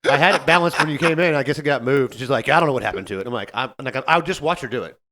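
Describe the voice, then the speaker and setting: A man co-hosting a podcast, telling a story about a difficult customer in a casual, animated way and acting out what people said. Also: mid-range voice, racing. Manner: animated, acts out customer quotes. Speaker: podcast co-host, server.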